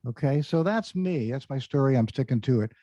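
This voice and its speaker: A career speaker gives an online presentation over a video call, talking conversationally with lots of fillers and quizzing his audience. His mid-range voice is warm, expressive and a little fast, with no echo, though the computer mic makes the audio dull and lo-fi.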